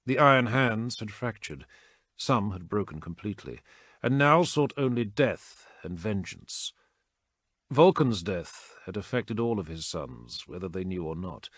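A man reading a war story aloud as narrator, in measured, dramatic storytelling. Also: on the low side, no room sound, studio quality. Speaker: audiobook narrator. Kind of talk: scripted narration.

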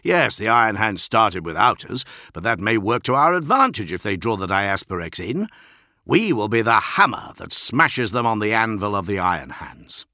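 Imagine a steady soldier comrade, read by a man who talks firmly in a slightly raised voice. He is a storybook figure. He steadies those around him. The sound is dry and close. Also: on the low side, normal speed, no echo, heavily acted. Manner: firm, reassuring. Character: calm, steady male warrior comrade.

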